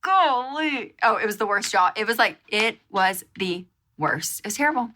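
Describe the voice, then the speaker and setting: A woman hosting a show, telling a story in a casual, animated way with lots of fillers. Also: medium pitch, fairly quick, slight background noise. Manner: animated, chatty, lots of fillers and repeated exclamations. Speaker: show host.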